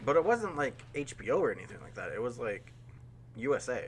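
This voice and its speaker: A man co-hosting a podcast, telling things in quick casual chat. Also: medium pitch, big pitch swings, a little hiss or hum. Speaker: podcast co-host.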